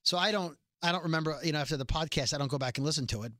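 Bright chatty male podcast host. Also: a little high, very fast, dry recording, clean studio sound. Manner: chatty, rambling with restarts. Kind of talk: casual chat.

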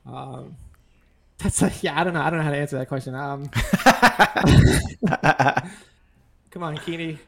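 A man's voice: fairly high pitch, a little slow, vocal fry, pauses often. A man as a guest in a casual interview, talking in a loose, rambling way with lots of fillers. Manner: rambling, filler-heavy, laid-back. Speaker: guest, skate video maker.

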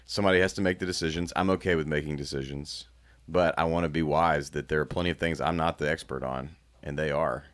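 A man in his thirties talking candidly as a guest, reflective and halting, with frequent restarts. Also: very deep voice, fairly even intonation. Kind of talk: candid personal conversation.

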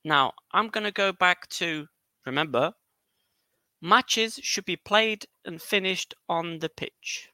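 A man co-hosting a casual football podcast, animated and laughing often as he reads a document aloud. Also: sits high, slow pace, no echo. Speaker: podcast co-host.

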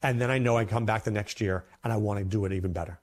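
A man's voice: lowish voice, racing. A man hosting a fantasy football show, talking casually and emphatically, often repeating himself for effect. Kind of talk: casual commentary to camera.

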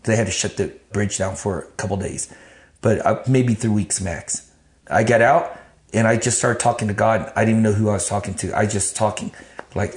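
A man telling his life story in an interview, blunt and animated, swearing freely. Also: fairly low pitch, moderate pace. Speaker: interview guest. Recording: roomy echo.

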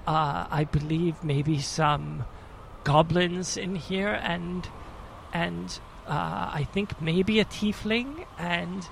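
A man's voice: high-pitched, vocal fry, a bit bright, exaggerated voice, low-quality recording. A man playing a pompous, stammering prison guard in a tabletop game, condescending and self-righteous, over faint noise. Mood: lecturing. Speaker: game master. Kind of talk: in-character tabletop role-play.

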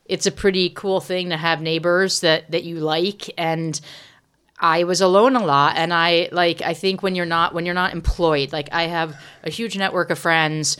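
Low, smooth-voiced woman chef in her forties. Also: fairly even intonation, a bit bright. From Connecticut, USA. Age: 40s. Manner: halting, restarts often. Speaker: chef and restaurant owner. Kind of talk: casual interview chat.

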